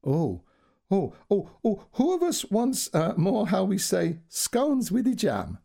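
A woman's voice: medium pitch, wildly swooping pitch, slow, gravelly, mellow, voice pushed up, exaggerated voice. A man voicing a blunt Spanish tourist woman with a Spanish accent and broken English. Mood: bright.

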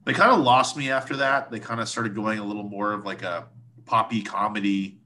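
A man's voice: fairly low pitch, fairly quick, sharp tone. A man chatting casually about live shows, laid-back and profane, with lots of fillers. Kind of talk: casual chat.

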